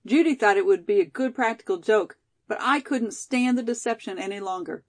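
A woman's voice: mid-range voice, a little fast, lightly acted. A woman voicing a remorseful young college girl who speaks in a pleading, emphatic way.

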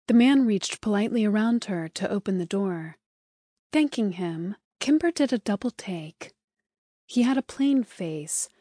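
Woman, audiobook narrator, smooth even storytelling, middle pitch, close studio mic, dry. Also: dry recording.

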